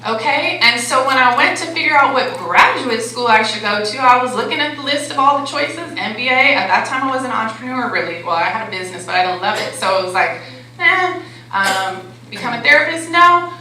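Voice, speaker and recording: A woman's voice: a little high, fast talker, few pauses, bright, forceful tone. A woman life coach giving a motivational talk to a live audience. She speaks conversationally and keeps checking in with the crowd. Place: conference hall. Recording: very echoey hall with faint background noise.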